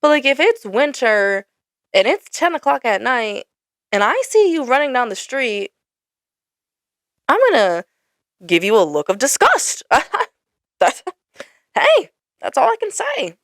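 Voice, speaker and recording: Young female host, exasperated casual rant, lively swooping pitch, dry close-miked sound. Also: unhurried, long pauses, no room sound. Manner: exasperated, lots of "like" fillers. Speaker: podcast host. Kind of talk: casual ranting monologue.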